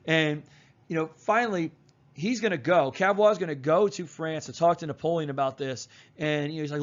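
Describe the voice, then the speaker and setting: A male history teacher walks through a lesson in a loose, conversational way, full of slang and fillers. His voice sits a little high, and the recording sounds dull and lo-fi. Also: a little fast. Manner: casual and chatty, with slang and fillers. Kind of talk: casual recorded lecture.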